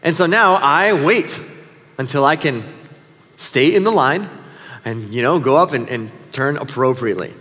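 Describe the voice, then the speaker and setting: Middle-aged male pastor, slightly high voice, relaxed storytelling sermon, long hall reverb. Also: normal speed. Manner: storytelling, conversational and self-deprecating.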